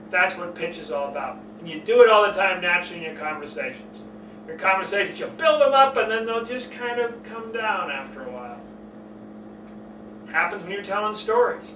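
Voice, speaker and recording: Bright, lively male speaking coach. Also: normal speed, reverberant, recorded from a distance, slight background noise, poor audio. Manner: expressive, demonstrates pace and pitch changes. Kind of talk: instructional talk to camera.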